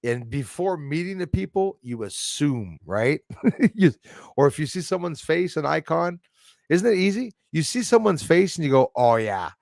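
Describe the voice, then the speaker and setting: A man's voice: a little high, expressive, normal speed, gravelly, darkish tone, no room sound, clean studio sound. A man hosting a live stream, reading viewer comments aloud and rambling in casual, loose chat, laughing often and trailing off mid-thought. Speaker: livestream host reading chat.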